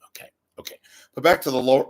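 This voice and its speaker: A man's voice: mid-range voice, steady tone, rapid-fire, a little mellow. A man hosting a rambling, self-mocking livestream monologue, often repeating words as he talks close to his webcam. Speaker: livestream host. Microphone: webcam close to face.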